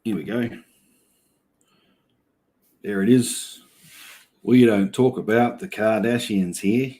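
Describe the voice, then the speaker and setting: A middle-aged Australian man talks casually on a livestream, answering viewers by name and spinning loose, chatty stories. His voice sits a little low. He has an easygoing, yarning manner. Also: slow pace, dark tone. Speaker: livestream host. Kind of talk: casual livestream chat reading comments.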